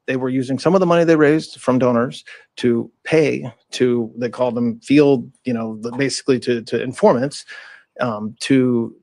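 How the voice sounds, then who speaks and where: A man's voice: medium pitch, vocal fry, darkish tone, no echo. A man on a talk show, explaining a case hesitantly and searching for words with many fillers. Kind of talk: halting explanation.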